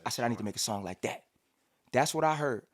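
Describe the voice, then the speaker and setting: Animated storytelling man, rapper guest. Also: mid-range voice, fast. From Cincinnati, USA. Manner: animated storyteller, acts out quotes, hums beats. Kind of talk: casual storytelling interview. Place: studio.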